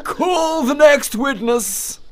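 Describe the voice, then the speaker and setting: A man voicing a bossy, impatient king who sits as judge in a children's story, giving slow, deliberate commands. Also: extremely high pitch, a crowd in the background. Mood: stern. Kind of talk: children's audio story acting.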